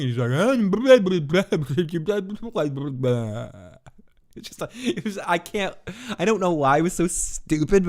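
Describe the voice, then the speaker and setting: A man giving a casual, rambling spoiler recap of a TV episode in his apartment, excitable and swearing, his pitch jumping when he gets worked up. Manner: rambling, restarts often. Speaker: TV recap reviewer.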